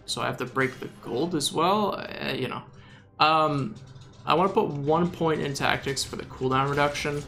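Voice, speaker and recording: A man's voice: mid-range voice, creaky, bright, forceful tone. A man from the Southern US giving rambling, self-mocking gameplay commentary as a gaming video host.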